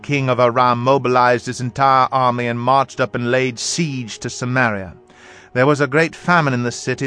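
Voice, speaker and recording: A man reading scripture aloud in a measured, solemn manner. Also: medium pitch, a bit bright. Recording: faint music behind.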